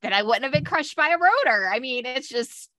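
A young woman co-hosting a casual recap chat, chatty and quick to react and laugh. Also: sits high, animated, pushed and bright, no room sound. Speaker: podcast co-host.

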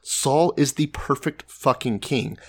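A man's voice: medium pitch, slow. A man co-hosting a casual chat, retelling a story in a laid-back, profane way. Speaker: podcast co-host.

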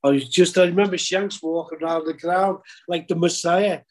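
An older man with a notably high voice rambles through memories on a podcast. He restarts his phrases often in a relaxed chat. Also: normal speed. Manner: rambling, repeats words. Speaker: podcast co-host. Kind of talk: casual chat.

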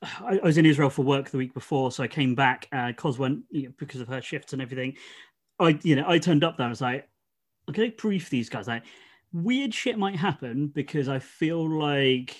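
A man co-hosting a podcast, with a mid-range voice. He tells stories in an animated, casual way, swearing freely. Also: mid-range voice. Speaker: podcast co-host.

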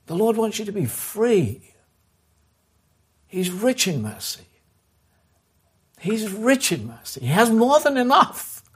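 Man, pastor preaching a sermon, slightly high voice, husky, earnest, repetitive urging, softer prayer tone. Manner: earnest, repeats phrases and restarts, urges listeners directly; drops to a soft, slow voice to lead prayer.

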